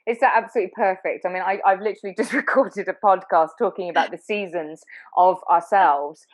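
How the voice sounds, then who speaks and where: A woman's voice: medium pitch, a little fast, no echo, low-quality recording. A woman hosting a casual interview, chatty and laughing often, with plenty of fillers. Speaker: interview host.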